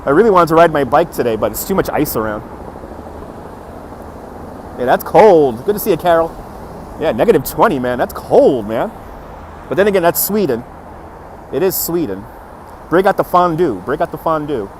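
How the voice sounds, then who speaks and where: With a high, sing-song, darkish voice, a man speaks at a moderate pace and pauses often while hosting a live walking stream on a city street. Upbeat and chuckling, he greets viewers by name, recorded on a gimbal-held phone with faint traffic nearby.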